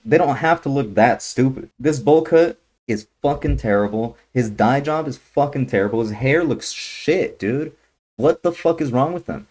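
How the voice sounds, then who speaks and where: A young man ranting through a trailer reaction, blunt and heavily profane, swinging from grumbling to shouting outrage. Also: medium pitch. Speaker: YouTuber reacting to a movie trailer.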